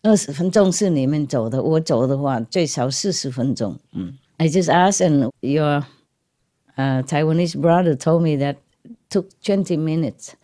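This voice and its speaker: A woman spiritual teacher talks informally to her disciples in a low, warm, mellow voice. She rambles, laughs often and keeps checking in with her listeners. Her English is slightly non-native, and she switches easily into Chinese. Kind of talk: informal talk to a gathered audience.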